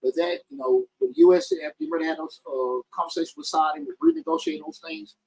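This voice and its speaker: Animated, husky-voiced man hosting a podcast. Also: fast, dry recording, poor audio. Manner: talks in bursts with many restarts, pitch jumping up emphatically. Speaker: podcast host. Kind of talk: casual call-in podcast discussion.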